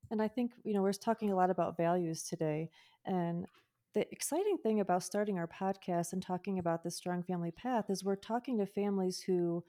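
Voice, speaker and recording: A woman with a mellow, soft-edged voice talks thoughtfully as a guest on a podcast. She speaks in a relaxed, conversational way and builds on what her partner has said. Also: lowish voice, a little fast. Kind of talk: casual conversational chat.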